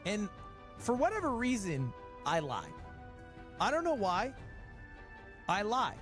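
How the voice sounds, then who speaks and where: Male streamer, late 20s, slightly high and very lively storyteller, wry. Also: slow pace, pauses often, music in the background. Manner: animated, wry storytelling with swings in pitch. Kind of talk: casual storytelling.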